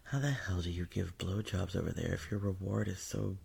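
In a whispered role-play, a man plays a dominant, mocking male creature that isn't human, taunting breathily and chuckling often. His voice is deep and a little mellow, with fairly even intonation, a brisk pace and a heavily acted delivery.

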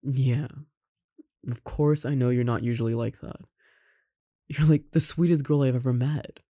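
A performer voicing a caring roommate who confesses love in a romantic audio roleplay, speaking softly with gentle laughs and sighs. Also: mid-range voice, fairly even intonation, normal speed, no echo, clean studio sound, close to an everyday voice. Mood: tender.

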